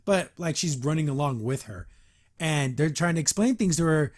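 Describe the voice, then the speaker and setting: High-voiced man doing a sarcastic recap. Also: animated, normal speed, a little mellow. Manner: sarcastic, rambling asides. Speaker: show reviewer. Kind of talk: casual reaction commentary.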